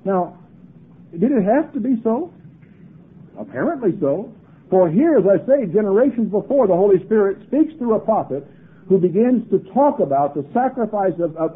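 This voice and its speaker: A preacher with a slightly husky voice delivers a sermon, reading scripture dramatically and pressing rhetorical questions. His pitch swings widely as he preaches. The sound is narrow and tinny, like an old 1980s broadcast recording.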